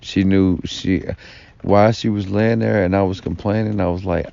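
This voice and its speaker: A man's voice: deep voice, fairly even intonation, fairly quick, vocal fry, mellow. A man telling a long personal story in a rambling, profane vlog monologue, full of fillers and asides. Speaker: vlogger. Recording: dull lo-fi recording.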